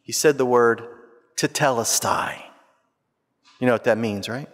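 A man preaching a sermon as pastor, swinging between loud emphatic lines and hushed, quiet ones. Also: medium pitch, a little slow. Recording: reverberant hall.

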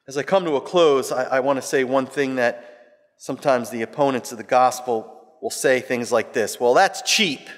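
A man preaching a sermon as pastor, swinging between loud emphatic lines and hushed, quiet ones. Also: medium pitch, steady tone, normal speed. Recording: reverberant hall.

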